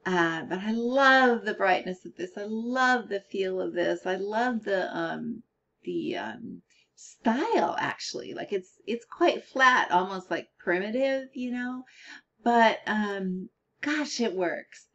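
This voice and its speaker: A woman's voice: mid-range voice, sing-song, takes it slowly, fairly bright tone, muffled recording. A middle-aged woman giving a casual spoken critique of colored pencil art, thinking aloud with fillers and restarts.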